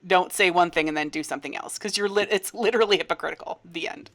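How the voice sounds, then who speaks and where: A woman's voice: fairly low pitch, quick pace, noisy background. A woman in a played clip, lecturing sarcastically to the camera. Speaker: commenting creator in a played clip. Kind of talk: critical commentary to camera.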